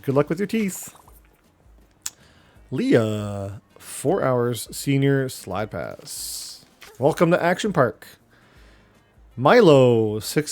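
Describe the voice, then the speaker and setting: A young man, streaming a game live and chatting with his viewers as he plays. He talks at an unhurried pace, and faint game music plays behind him. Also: medium pitch, a little mellow. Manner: chatty, reacting and talking to chat while playing. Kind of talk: casual live game commentary.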